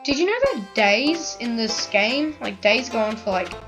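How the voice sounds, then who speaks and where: Chatty woman over loud game music. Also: fairly high pitch, expressive, moderate pace, poor audio. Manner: rambling and chatty, full of likes and restarts. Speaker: gaming video creator. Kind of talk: let's play commentary. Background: loud video game music.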